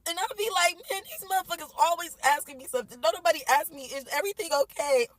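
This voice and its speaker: A woman's voice: very high voice, fast talker, no echo, poor audio. Tearful, profane young woman venting. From United States. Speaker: mother posting a social media video. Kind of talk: emotional venting to camera.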